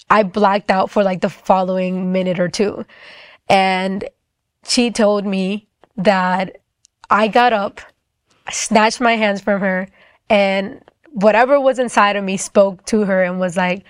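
A woman's voice: mid-range voice, no echo, studio quality. A young woman telling a personal testimony in a casual way, with lots of "like" fillers. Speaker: storyteller.

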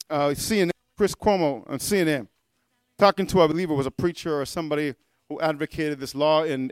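A man preaching a fiery sermon, breaking into shouts and tossing out "amen?" to the congregation. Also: fairly high pitch, no echo, studio quality. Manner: emphatic, punctuates with "amen?" and shouts.

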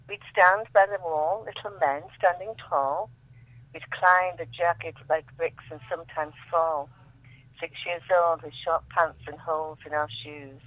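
A woman guest reading her own poetry aloud in a measured, dramatic way, often dropping almost to a whisper. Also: low-pitched, dry recording. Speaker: guest poet. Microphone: telephone. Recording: tinny phone line.

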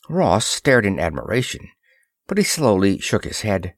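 A man narrating a pulp science fiction story in a measured, expressive way. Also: on the low side, dry recording, clean studio sound. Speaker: audiobook narrator.

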